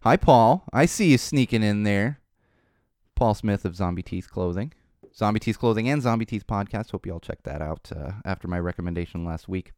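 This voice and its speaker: A man hosts his podcast alone in a casual, unscripted monologue, drifting into tangents as he goes. He sounds tired, but his pitch stays lively and swings up and down. The recording is dry, with no room sound. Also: normal speed, dry recording. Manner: rambling, speaks off the cuff with tangents. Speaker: podcast host.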